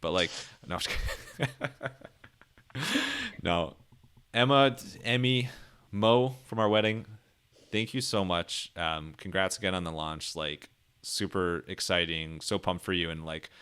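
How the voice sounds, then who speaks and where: A very low-pitched man hosts a podcast in casual conversation. He rambles cheerfully, laughing often and restarting his sentences with lots of "like" and "um.". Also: unhurried, long pauses, a bit bright, smooth. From Ohio, United States. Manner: chatty, laughing, many fillers and restarts. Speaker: podcast host. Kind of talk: casual interview chat.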